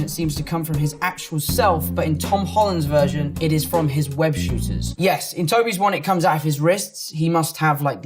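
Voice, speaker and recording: A young man from England with a London accent, casually reading online comments aloud and answering them in a playful, self-mocking way. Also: a little high. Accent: London English. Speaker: actor reading fan comments. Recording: music playing underneath.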